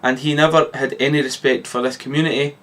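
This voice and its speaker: A man's voice: mid-range voice, level tone, fast talker, fairly bright tone, close to an everyday voice. A man voicing an angry male diner owner who scolds and dismisses his customers. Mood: scornful.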